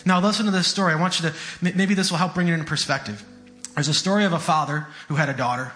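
High, bright-voiced male preacher. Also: very fast, soft background music. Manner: earnest, conversational, repeats phrases. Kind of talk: sermon.

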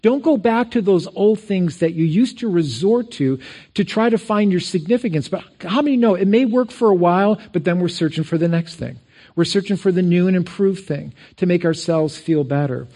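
A middle-aged male pastor delivering a sermon in a church, his voice mellow and a touch higher than most men's. He preaches in a loose, conversational way, weaving in personal stories and circling back over his words. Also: animated, normal speed. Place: church sanctuary.

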